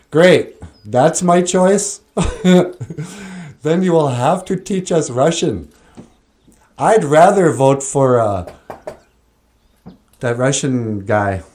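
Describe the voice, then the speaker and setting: A man's voice: medium pitch, a little mellow. A man hosting a casual stream, joking, chuckling often and reading out comments. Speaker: host. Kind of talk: casual livestream chat.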